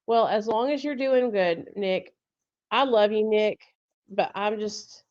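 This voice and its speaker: A woman's voice: mid-range voice, slow pace, darkish tone. Blunt, profane woman chatting on a lo-fi call. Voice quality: blunt, profane, laughs often. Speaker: podcast host. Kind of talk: casual live chat.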